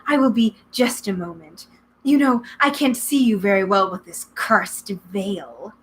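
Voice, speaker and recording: A woman reading aloud and voicing a monstrous gorgon who hides as a sweet old lady, speaking in a slow, hushed, soothing purr. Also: medium pitch, a little hiss or hum, lightly acted.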